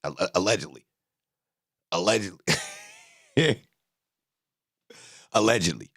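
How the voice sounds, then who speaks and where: A man streaming a reaction to a court video, joking loudly in profane slang. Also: low voice, animated, takes it slowly, vocal fry. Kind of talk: casual reaction commentary.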